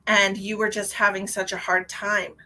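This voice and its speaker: A woman giving a live-streamed psychic reading in a chatty, animated way, with many restarts and a lot of "like". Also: mid-range voice, normal speed, a little hiss or hum, low-quality recording. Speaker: psychic medium.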